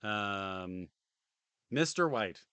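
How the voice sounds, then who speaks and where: A man's voice: fairly low pitch, lively intonation, drawn-out words, bright, forceful tone, smooth, no room sound. A tired man streaming from home, reading a game manual aloud on a close desk mic and tossing in dry joking asides. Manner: dry, joking asides between read passages.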